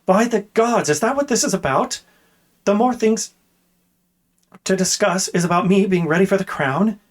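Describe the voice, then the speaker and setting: A man's voice: on the high side, brisk, lightly acted. A man reading aloud voices an indignant young princess-elect, speaking in a raised, demanding, exasperated way. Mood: outraged.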